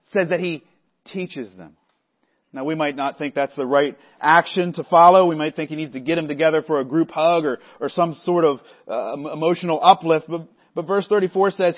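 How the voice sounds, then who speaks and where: A man preaching a sermon as pastor, measured and earnest, sometimes stumbling and restarting his words. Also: fairly high pitch, muffled recording. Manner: measured preaching with frequent restarts, voicing the disciples conversationally.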